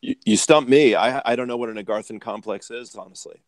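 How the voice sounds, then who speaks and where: A man's voice: medium pitch, a little fast, no room sound. A man hosting a spiritual webinar over a video call, affectionate and encouraging, laughing often. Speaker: webinar host and channeler. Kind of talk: casual group video chat.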